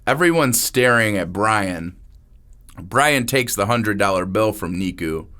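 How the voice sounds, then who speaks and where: Slow, lively-voiced male narrator. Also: fairly low pitch. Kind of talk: story narration.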